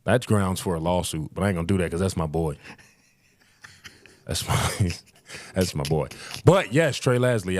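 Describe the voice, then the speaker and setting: A man's voice: low voice, lively intonation, normal speed, pauses often, a little mellow, no echo. A man hosting a casual sports chat, boasting and laughing with his co-host. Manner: boastful, laid-back banter with laughs. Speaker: show host.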